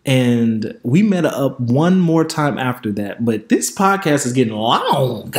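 A man's voice: mid-range voice, big pitch swings, slow, hardly any pauses, echoey room. A man hosting a podcast, telling a candid story in a chatty way and speaking straight to his listeners. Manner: frank, chatty, addresses listeners directly. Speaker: podcast host.

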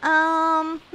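A young woman streaming a video game live, rambling and joking at herself, swinging from mumbled asides to loud excited bursts. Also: a little high, a little hiss or hum. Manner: rambling, self-mocking, jumps between mumbling and loud excitement. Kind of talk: live gameplay stream chatter.

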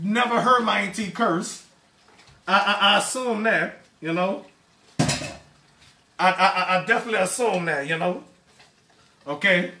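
Guy cooking live in his kitchen, keeps stuttering, chatty, bright voice, echoey and far from the mic. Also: high-pitched, creaky. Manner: stammering, repeats words, addresses viewers as y'all. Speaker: cooking show host. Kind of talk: casual live-stream chat. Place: home kitchen.

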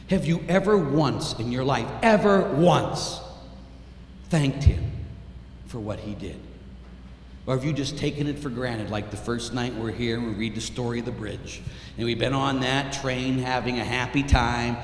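A male priest preaching an impassioned sermon, moving from loud proclamation to hushed prayer, in a large hall. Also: medium pitch, lively intonation, measured pace, slight background noise. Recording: echoey hall reverb.

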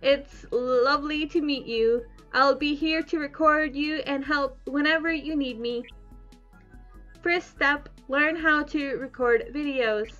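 A woman's voice: high voice, slow, sharp tone, lo-fi sound, soft background music, full character voice. A woman doing a beeping robot drone. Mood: robotic. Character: cheerful little robot drone camera assistant. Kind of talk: reading game dialogue aloud.

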